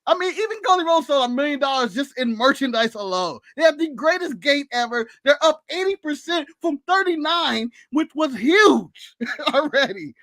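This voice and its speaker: A man's voice: very high-pitched, animated, moderate pace, sharp tone, no room sound. A man from the United States co-hosting a casual podcast, ranting sarcastically with laughs and swearing. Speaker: podcast co-host.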